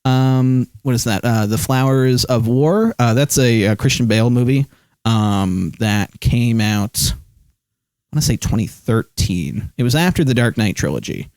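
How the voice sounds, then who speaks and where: A man talking at a middle pitch on a live stream, with a dry, close sound that has no room in it. He rambles about films in a relaxed way, stopping often for ums and uhs, and reads viewers' comments aloud as he goes. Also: a little slow, no echo. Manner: rambling, many fillers, reads chat aloud. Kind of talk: casual live-stream chat.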